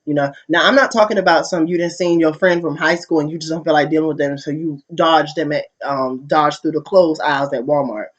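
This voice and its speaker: A man's voice: on the high side, brisk, few pauses. Candid, profane man on a lo-fi vlog. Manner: candid, profane, lively storytelling. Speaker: vlogger. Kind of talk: casual opinion monologue. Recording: dull lo-fi recording.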